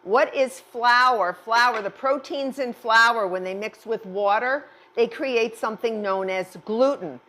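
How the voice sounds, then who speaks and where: A woman's voice: fairly high pitch, slow, hardly any pauses, a bit bright. A middle-aged woman chef giving a cooking demonstration, chatty and reassuring, often repeating words for emphasis.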